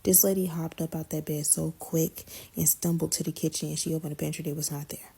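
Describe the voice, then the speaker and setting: A young woman casually continuing a family story in a relaxed, slangy way. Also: low-pitched, gravelly, husky. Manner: relaxed, slangy, drawn-out retelling.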